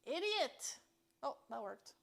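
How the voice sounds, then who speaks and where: A woman's voice: high voice, very animated, slow, creaky. A woman streamer chatting casually on a live stream from home into her phone, swearing often. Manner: chatty, swears a lot, yells at bugs. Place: indoors at home.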